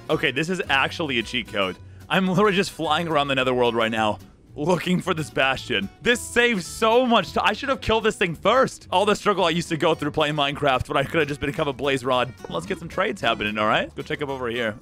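A young man giving goofy, excitable commentary while playing a block-building game, joking with the game's creatures as he goes. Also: medium pitch, fast, soft background music. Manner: goofy, excitable, jokey banter with the game's mobs. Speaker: gaming YouTuber. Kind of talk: Minecraft let's play commentary.

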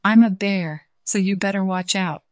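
A woman voicing a young male bear cub who is kind and gently teasing, in a children's storybook reading. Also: medium pitch, normal speed, no echo, studio quality, natural voice. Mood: playful.

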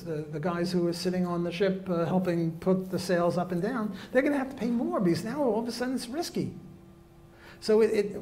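A man's voice: high voice, dark tone. A man giving a live economics lecture, blunt and jokey, with many fillers and restarts.

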